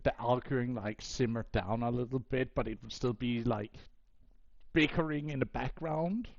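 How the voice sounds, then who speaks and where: A man narrating as game master in a casual, halting way with many fillers. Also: medium pitch, vocal fry, no echo, dull audio.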